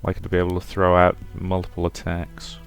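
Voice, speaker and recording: A man playing and reading through a story game, commenting in a relaxed, chatty way. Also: low-pitched, fast talker, faint music behind. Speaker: let's play gamer. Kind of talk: reading and voicing a visual novel game.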